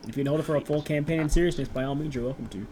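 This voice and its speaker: A man's voice: on the high side, rapid-fire, dark tone, a little hiss or hum, rough recording. A young man acting as game master, rambling through descriptions and encouraging his players. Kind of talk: narrating a tabletop game.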